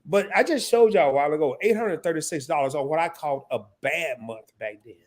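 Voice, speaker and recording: A man's voice: fairly high pitch, lively intonation, quick pace. A man in his fifties hosting a live stream, casual and emotional, sniffling and stammering through restarts as he talks. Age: 50s.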